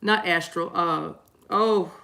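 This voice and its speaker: Chatty woman, card reader, bright voice, laughs and repeats herself. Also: fairly low pitch, takes it slowly, creaky, a little hiss or hum. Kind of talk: casual spiritual reading chat.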